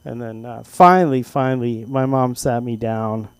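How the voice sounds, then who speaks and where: An older man at an open mic, telling a rambling, self-deprecating personal story with halting restarts. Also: medium pitch, fairly even intonation, clear, resonant tone, dry recording. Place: comedy club stage.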